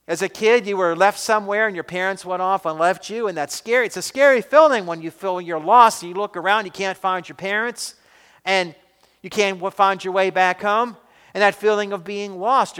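Male pastor, emphatic sermon delivery, clear and smooth voice. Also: high-pitched, a bit bright, in a large hall. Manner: emphatic preaching with rising, questioning delivery.

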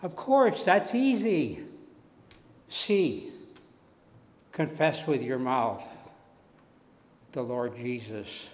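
A man preaching a sermon, telling his own story slowly, dropping to soft tones and then rising loud. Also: mid-range voice, expressive. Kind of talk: sermon testimony. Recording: echoey hall with long reverb.

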